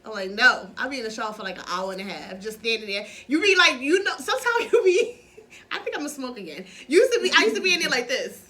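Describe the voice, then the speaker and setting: A woman co-hosting a podcast, telling animated, profane stories in casual chat, laughing often. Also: a little high, fast. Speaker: podcast co-host.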